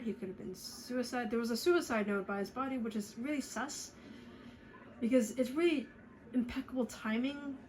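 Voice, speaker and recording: Young woman chatting over a game, lots of uhs and likes, highish voice, faint noise behind. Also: poor audio. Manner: rambling with many fillers. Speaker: let's play gamer. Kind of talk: casual game commentary.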